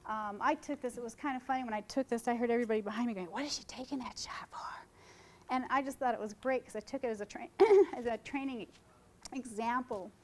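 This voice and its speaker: A middle-aged woman with a slightly high, darkish voice talks fast as she shares her wedding photography work with photographers at an informal seminar. Set in a conference room, her talk is chatty, full of jokes for the audience and jumps between points. The audio is poor.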